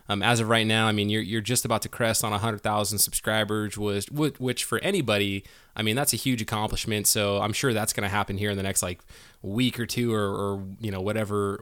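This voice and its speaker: A man's voice: on the low side, fairly bright tone, clear, resonant tone, no echo, studio quality. A man hosting a podcast interview, chatty and jokey, with lots of fillers and restarts. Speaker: podcast host. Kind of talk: casual interview chat.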